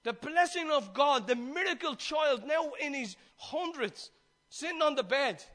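A preacher with an Irish accent and a high, bright voice, telling his story with animation. He jokes with the congregation as he preaches. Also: unhurried. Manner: animated storytelling, acts out the characters. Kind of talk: sermon.

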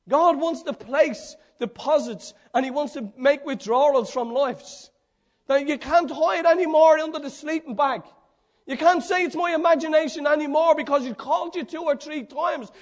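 A man preaching a fervent sermon, building with rhetorical repetition. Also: very high-pitched.

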